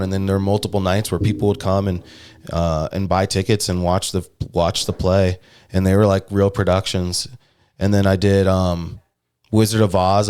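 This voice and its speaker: A man's voice: deep voice, a little mellow, smooth. A young man, a stand-up comic, chatting casually on a podcast, rambling and swearing, sometimes putting on voices. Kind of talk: casual chat.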